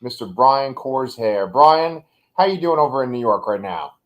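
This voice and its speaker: A man's voice: medium pitch, lively intonation, normal speed, low-quality recording. A man with a nasal voice co-hosting a casual review podcast in a loose, upbeat, chatty way. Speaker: podcast co-host.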